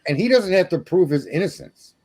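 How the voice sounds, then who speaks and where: A man's voice: high-pitched, big pitch swings, fairly quick, a crowd in the background. A man speaking as a guest on a true crime live stream, arguing his points emphatically, as if lecturing. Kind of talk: casual live-stream discussion.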